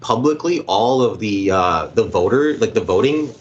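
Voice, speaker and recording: A man's voice: fairly low pitch, expressive, moderate pace, muffled recording. A man with a Canadian accent co-hosting a sports show, chatty and agreeable, jumping between topics. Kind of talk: casual sports talk.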